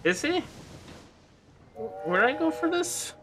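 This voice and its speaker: A man's voice: extremely high pitch, very animated, takes it slowly, noisy background. A man giving casual gameplay commentary, rambling with lots of fillers and laughs. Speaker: gamer.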